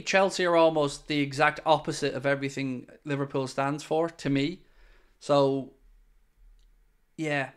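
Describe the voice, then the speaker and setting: An Irish man with a Dublin accent hosting a live football watchalong, reacting excitedly to the play and chatting back to viewers. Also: medium pitch, clean tone. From Ireland. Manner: chatty, answering viewer comments. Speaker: watchalong host.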